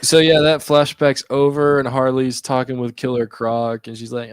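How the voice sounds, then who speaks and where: A man's voice: medium pitch, little pitch movement, normal speed, few pauses, clean tone, dry recording, studio quality. A young man co-hosting a casual film review chat, laid-back, mostly agreeing and recapping scenes. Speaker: podcast co-host.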